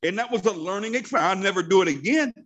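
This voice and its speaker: A man's voice: sits high, lively intonation, very fast, fairly bright tone, highs cut off. A man in his fifties leads a motivational training call as a network marketing team leader. He talks in a fervent, preachy way and drives points home by repeating his phrases.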